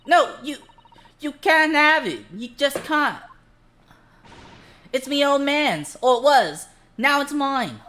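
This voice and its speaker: A woman voicing a brash young street girl with a put-on Cockney accent, loud and indignant. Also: sits high, lively intonation, takes it slowly, pauses often, slight background noise, exaggerated voice. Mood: defiant.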